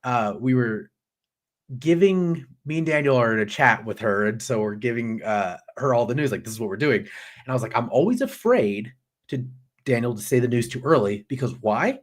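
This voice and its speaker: Animated, jokey male host. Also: mid-range voice, moderate pace. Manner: animated, jokey, swears casually. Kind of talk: live pop culture news chat.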